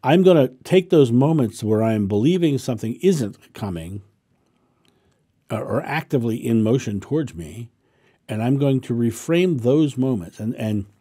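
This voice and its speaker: Husky, mellow-voiced man teaching calmly. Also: medium pitch. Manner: calm, explanatory, repeats affirmations. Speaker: spiritual teacher. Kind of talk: answering a viewer question, casual monologue.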